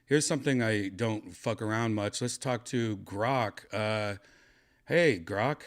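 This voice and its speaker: A man hosting a podcast, chatting casually in a rambling, halting way with crude asides. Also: on the low side. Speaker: podcast host. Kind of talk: casual chat.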